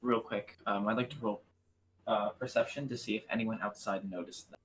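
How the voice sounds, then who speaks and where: Low-voiced man playing a tabletop game. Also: steady tone, a little fast, a little hiss or hum, poor audio. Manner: casual, swears, narrates own character. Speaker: player. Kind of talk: casual tabletop play.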